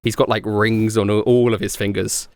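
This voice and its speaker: A man narrating as game master of a tabletop game, animated and laughing often, with many fillers. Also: fairly low pitch, normal speed.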